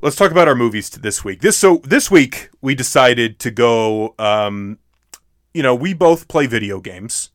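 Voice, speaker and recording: A man's voice: mid-range voice, expressive, a little slow, no echo, clean studio sound. A man co-hosting a casual podcast chat, rambling, restarting his sentences and laughing often. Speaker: podcast co-host.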